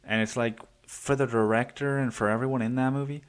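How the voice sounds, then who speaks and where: A man's voice: medium pitch, steady tone, fairly quick, smooth. A man hosting a solo podcast, talking in a rambling, profane, self-interrupting way. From United States. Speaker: podcast host. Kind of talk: casual solo podcast monologue.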